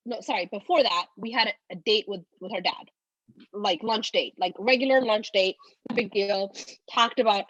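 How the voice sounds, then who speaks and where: A woman's voice: medium pitch, fairly bright tone, no room sound, highs cut off. A woman in her twenties, teary and rambling, telling a personal story with many "like"s. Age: 20s. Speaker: guest.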